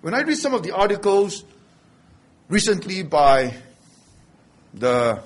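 A man preaches a sermon in a higher, husky voice. He talks conversationally with his listeners, then builds to forceful, emphatic declarations. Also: big pitch swings, takes it slowly. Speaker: pastor.

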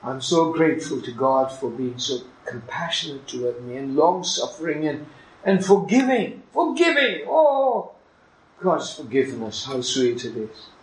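A man preaching a sermon, emphatic, dropping to hushed asides and rising to loud exclamations. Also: medium pitch, moderate pace, hardly any pauses. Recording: echoey room with faint ambient noise.

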